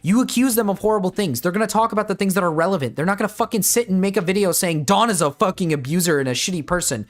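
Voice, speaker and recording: A man's voice: high voice, racing, few pauses. Man, commentary, exasperated, profane, ranting. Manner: talks to chat like a streamer. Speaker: drama commentator. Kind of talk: reaction commentary.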